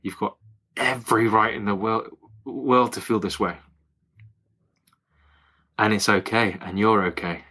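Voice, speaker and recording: A man's voice: fairly low pitch, fairly even intonation, unhurried, pauses often, sharp tone, breathy edge. A man coaching in a casual group conversation, talking in an encouraging, brotherly way and swearing casually.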